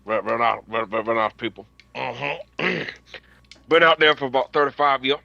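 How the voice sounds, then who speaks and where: A man voicing a gruff backwoods man raised by a militia, who talks in a rambling, drawling, folksy way. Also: mid-range voice, fairly even intonation, fast, bright, forceful tone, no echo, muffled recording.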